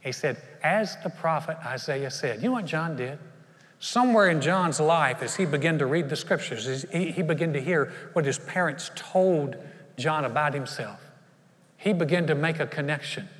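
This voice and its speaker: A man preaching from the pulpit, his somewhat high voice rising in loud, emphatic bursts and then dropping to a hush. The sound carries a long, ringing reverb, as if caught in a large church sanctuary. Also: animated, moderate pace. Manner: emphatic preaching, swinging between loud bursts and hushed lines. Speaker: pastor. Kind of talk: sermon.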